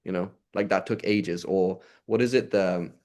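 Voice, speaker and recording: A man with a fairly low voice teaches an informal religious class. He speaks conversationally, repeating his points and checking in with his listeners after nearly every sentence. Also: steady tone, normal speed, a little mellow. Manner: conversational, repetitive, asks "right?" often. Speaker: Islamic teacher.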